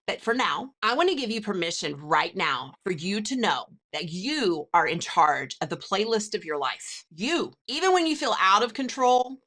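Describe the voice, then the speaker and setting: A woman's voice: mid-range voice, very animated, normal speed, few pauses, fairly bright tone. A woman podcast host and counselor giving an earnest, motivational self-help talk and speaking directly to the listener.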